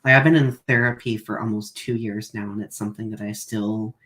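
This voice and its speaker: A young adult man hosting a live podcast in casual chat, talking haltingly with many restarts. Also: fairly low pitch, steady tone, a bit bright. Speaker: podcast host.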